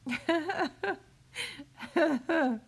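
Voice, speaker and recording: A woman talking on a live video while crying, in a halting way, repeating herself and laughing through her tears. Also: sits high, vocal fry. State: tearful, crying. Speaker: vlogger sharing a cancer update. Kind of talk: emotional live video talk.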